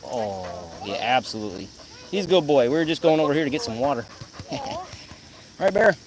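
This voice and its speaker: A man's voice: mid-range voice, expressive, quick pace, slight background noise. Man chatting live outdoors with his dog. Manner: chatty, coos at his dog in a lighter sing-song voice. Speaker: livestream host. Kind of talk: casual livestream chat. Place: outdoors in the shade by a pool. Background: faint outdoor sounds and geese.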